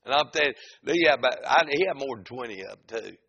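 A man's voice: mid-range voice, expressive, fast, vocal fry, pushed and bright, husky, dull audio. A man from North Carolina, preaching a rambling storytelling sermon in a church, dotted with "amen" and "uh". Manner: rambling, repetitive, frequent "amen" and "uh". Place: church auditorium.

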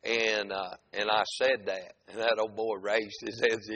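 A preacher delivering a humorous sermon, telling folksy stories and dropping "amen" between lines. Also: male voice, fairly low pitch, level tone, moderate pace, fairly bright tone. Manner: peppers talk with "amen", folksy storyteller.

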